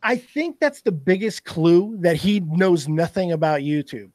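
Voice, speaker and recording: A man in casual podcast chat, telling stories in a profane, animated way. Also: high voice, measured pace, no echo, clean studio sound. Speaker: podcast guest.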